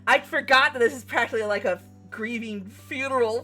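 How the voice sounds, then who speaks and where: Young woman streamer, laughy and lively, reading a visual novel out loud, bit high voice, music faint behind. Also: a little fast. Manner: giggly, animated, reads aloud and reacts. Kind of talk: casual reading and reaction commentary.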